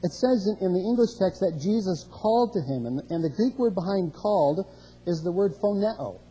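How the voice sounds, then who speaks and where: A man's voice: sits high, lively intonation, normal speed, dark tone, slightly rough, big-room sound, rough recording. A man preaching a sermon, walking through scripture verse by verse and rising in emphasis on key questions. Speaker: pastor.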